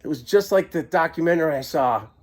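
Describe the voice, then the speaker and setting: A man telling a comic personal story into a handheld camera, excitable and prone to giggling, shouting when he quotes himself. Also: a little high, fast.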